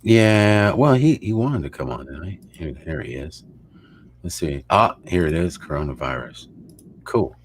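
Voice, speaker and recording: Deep-voiced rambling man. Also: lively intonation, a little slow. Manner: rambling, joking, swears freely. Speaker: host. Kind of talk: casual chat.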